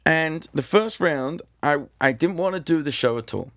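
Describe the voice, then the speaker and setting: British male comedian guest, gravelly voice, dry close sound, deadpan storyteller. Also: a little high, moderate pace, dry recording. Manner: dry, self-deprecating storyteller. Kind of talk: casual anecdote telling.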